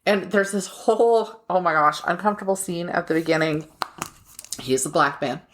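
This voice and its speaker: A woman's voice: lowish voice, normal speed. A woman co-hosting a podcast, chatting casually and retelling a show, laughing often. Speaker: podcast co-host. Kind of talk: casual chat.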